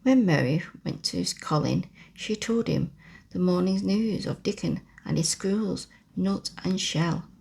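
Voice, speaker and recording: A woman reading a classic children's book aloud in a slow, soft whispered role-play. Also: on the low side, animated, vocal fry, slightly rough. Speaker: ASMR storyteller.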